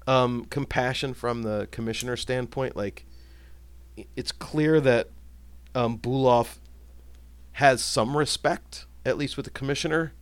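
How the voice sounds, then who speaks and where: A man's voice: medium pitch, steady tone, unhurried, smooth, no echo. A man co-hosting a casual film discussion, recapping scenes and musing aloud, livening up when he quotes lines. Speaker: podcast co-host.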